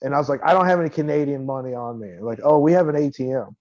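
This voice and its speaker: A man's voice: mid-range voice, fast, darkish tone, dull audio. A man co-hosting a podcast, telling a long profane anecdote in casual chat and laughing as he quotes the people in it. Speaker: podcast co-host.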